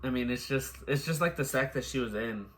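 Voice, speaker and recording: Man, new dad, casual chat, rambling, filler-heavy, mid-pitched voice. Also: brisk, a bit bright. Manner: rambling, repeats filler words. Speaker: new father and co-host.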